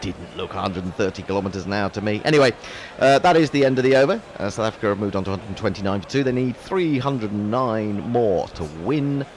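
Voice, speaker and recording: A man's voice: fairly low pitch, fast talker, few pauses, a little hiss or hum. A man giving live ball-by-ball cricket commentary, wry and self-mocking between calls.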